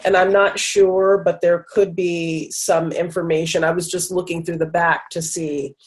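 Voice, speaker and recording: A woman's voice: lowish voice, flat delivery, a little slow. A woman in a group discussion who reads text aloud, with hesitant fillers.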